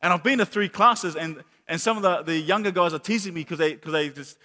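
A man preaching a sermon, animated, telling stories and acting out quotes, with many repeated words. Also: on the high side, a little fast, big-room sound. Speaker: pastor.

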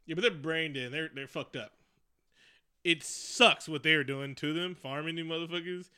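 A man co-hosting a podcast, talking casually and profanely about a movie, animated and laughing often. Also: fairly high pitch, normal speed, clear, resonant tone. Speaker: podcast co-host. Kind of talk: casual movie review chat.

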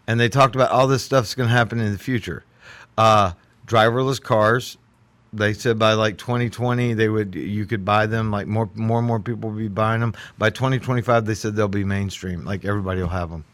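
A man, chatting as a host and telling animated, laughing stories. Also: on the low side, no room sound. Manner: animated storyteller, laughs often. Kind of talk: casual group chat.

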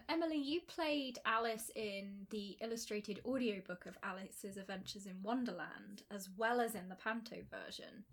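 A woman interviewing guests, asking questions in a measured way with some fillers. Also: mid-range voice.

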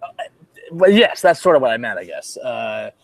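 A man's voice: medium pitch, sing-song, moderate pace. A man co-hosting a casual sports podcast, rambling with many fillers and wry jokes. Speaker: podcast co-host.

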